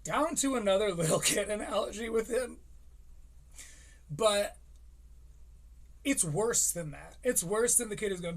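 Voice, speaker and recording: A man's voice: sits high, measured pace, creaky, pauses often. A man in his thirties giving rambling, profane comedic commentary on a live stream. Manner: rambling, profane, animated impressions.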